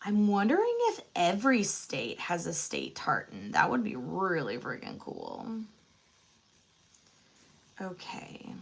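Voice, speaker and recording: A woman's voice: on the low side, wildly swooping pitch, takes it slowly, creaky, husky. A woman chatting casually while she colors on a live stream, musing aloud and laughing easily. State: out of breath. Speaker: host.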